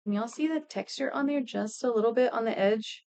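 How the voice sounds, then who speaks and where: A woman's voice: on the high side, fairly quick, creaky, darkish tone, clear, resonant tone. Chatty woman crafting on a live stream. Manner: chatty, laughing, reading and answering chat. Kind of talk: casual live-stream chat while crafting.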